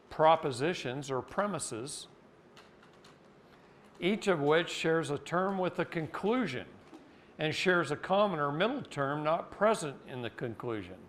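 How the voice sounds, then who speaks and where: A slightly bright-voiced man from Oregon, United States, gives a seminar lecture with a little background noise. Blunt and folksy, he tells a story and then explains a point, acting out quotes with jumps in pitch.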